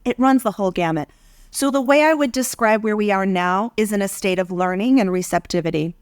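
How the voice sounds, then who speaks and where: A woman's voice: mid-range voice, clean tone, no room sound, clean studio sound. Earnest woman from a foundation. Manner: earnest, measured, reflective. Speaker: foundation program leader. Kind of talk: podcast conversation.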